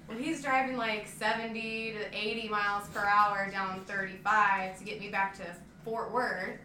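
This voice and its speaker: A woman's voice: on the high side, sharp tone. A woman telling a story to friends, laughing and acting out dialogue. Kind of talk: casual storytelling among friends. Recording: echoey room, distant mic, noisy.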